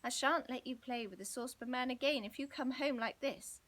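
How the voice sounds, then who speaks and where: A woman's voice: sits high, a little fast, fairly bright tone. A woman voicing an exasperated storybook mother who scolds and sighs over her children. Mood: scolding. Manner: exasperated, sighing.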